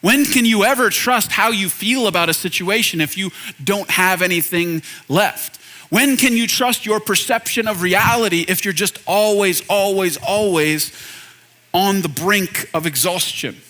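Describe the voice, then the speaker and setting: A man's voice: high voice, a little slow, bright, forceful tone. A man in his thirties preaching a conversational sermon as pastor, with self-deprecating asides and questions to the audience. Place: church hall.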